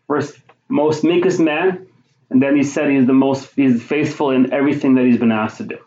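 A man preaching a sermon, teaching conversationally through scripture and rising to forceful emphasis on key points. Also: medium pitch, normal speed. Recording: roomy, dull lo-fi sound.

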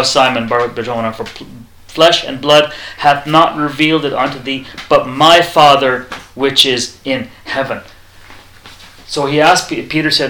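A man preaching a sermon, reading scripture aloud and acting out the quoted lines in a lively way. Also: moderate pace, roomy sound, slight background noise, low-quality recording. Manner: animated, acts out quoted lines with rising pitch; reads scripture aloud in King James wording.

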